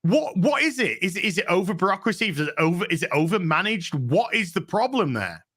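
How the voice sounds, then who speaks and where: Lively, stammering male host. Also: high-pitched, brisk. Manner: rambling, stammering restarts, rhetorical questions. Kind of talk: casual podcast chat.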